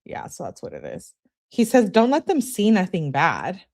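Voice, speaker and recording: A woman's voice: medium pitch, wildly swooping pitch, normal speed, darkish tone. A woman hosting her channel, reading text messages aloud in a casual way and adding blunt, profane asides while greeting viewers. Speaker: channel host reading case evidence.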